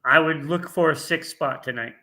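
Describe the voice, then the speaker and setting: A man co-hosting a casual sports talk show, dropping quick asides and wisecracks. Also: fairly high pitch, creaky, bright, forceful tone. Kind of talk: casual sports picks chat.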